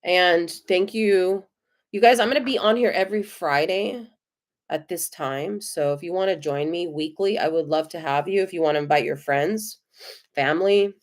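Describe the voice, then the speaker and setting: Gentle, effusive American woman tarot reader. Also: on the low side, moderate pace. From United States. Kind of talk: live-stream tarot reading.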